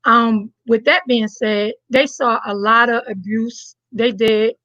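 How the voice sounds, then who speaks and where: A woman's voice: a little high, fairly even intonation, takes it slowly, a bit bright, no room sound, dull audio. A woman from New Jersey, a reverend and mother, giving a candid testimony and speaking directly to listeners. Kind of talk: personal testimony.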